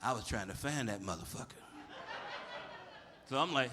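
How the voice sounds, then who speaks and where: A man's voice: mid-range voice, big pitch swings, a little fast, long pauses, a crowd in the background, noisy background. A man doing a stand-up comedy set on a club stage, brash, profane and full of stories. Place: comedy club stage before a live audience.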